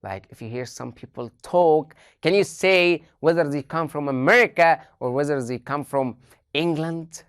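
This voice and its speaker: Low-voiced woman teaching English. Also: moderate pace, smooth, dry recording, studio quality. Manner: asks the students many questions and repeats key phrases. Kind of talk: online lesson addressing students.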